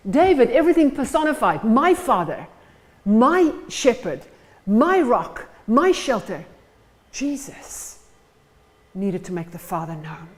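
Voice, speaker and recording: A woman's voice: mid-range voice, a little mellow, low-quality recording. A woman preaching a sermon in church, retelling stories and acting out the scenes. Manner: storytelling, acts out the scenes.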